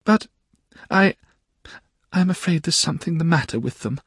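A man's voice: fairly high pitch, animated, moderate pace, husky, no room sound, studio quality, pitched above the performer's own voice, heavily acted. A man voicing a timid, childlike young wife in a storybook reading. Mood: anxious.

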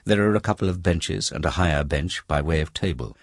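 A man narrating an unabridged classic novel as an audiobook, in a measured, descriptive reading. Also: low voice, no room sound, studio quality. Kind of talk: scripted narration.

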